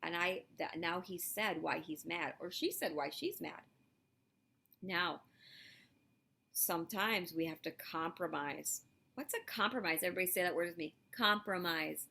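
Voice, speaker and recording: Encouraging female teacher, lively delivery to young kids, a bit low-pitched. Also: normal speed, creaky, a little hiss or hum. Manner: lively, encouraging, talks directly to children. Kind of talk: video lesson for elementary students.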